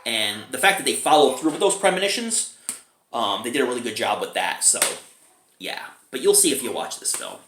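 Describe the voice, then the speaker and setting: A man's voice: mid-range voice, animated, brisk, a bit bright, roomy sound, slight background noise. A man giving a casual, chatty film review, chuckling often between remarks.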